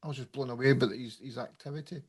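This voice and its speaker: A man's voice: medium pitch, fairly even intonation, quick pace, a little mellow. A man hosting an interview, chatting loosely with fillers and hesitations. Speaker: podcast host. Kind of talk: casual interview chat.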